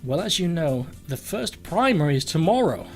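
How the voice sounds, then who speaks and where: A man's voice: on the high side, very animated, normal speed, faint music behind. Man putting on Kale, posh old butler cat. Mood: hopeful. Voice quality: posh, plummy. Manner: fretful and polite.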